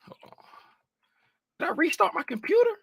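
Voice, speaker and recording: This man, a trading educator doing loose live-stream commentary, has a very high-pitched voice with vocal fry and talks at normal speed. He vents in an animated, rambling way, repeating phrases, and the audio is dry with no room sound.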